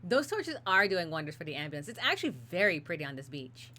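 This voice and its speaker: Woman streamer reading out a game, bright voice, really lively, a little low. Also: fast talker. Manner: reads the game text aloud with offhand asides. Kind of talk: casual game stream narration.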